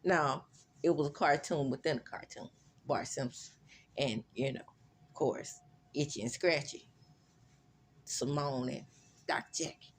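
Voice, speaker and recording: A woman with a somewhat low voice talks through a reality TV recap in a loose, chatty way, full of animated asides. A faint background noise sits under her voice. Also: measured pace, long pauses. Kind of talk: casual show recap.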